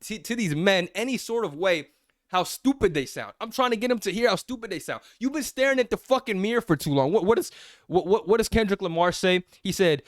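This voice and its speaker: Brief: young male vlogger, slightly high voice, dry close mic, mocking and profane, confrontational. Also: lively intonation, brisk, fairly bright tone, dry recording. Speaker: self-improvement vlogger. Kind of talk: blunt direct-to-camera rant.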